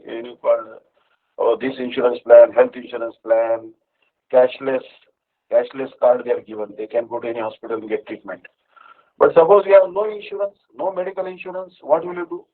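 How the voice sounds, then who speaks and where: A man giving a devotional sermon, explaining with homely examples and chanting mantras. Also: mid-range voice. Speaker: preacher. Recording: dull lo-fi sound.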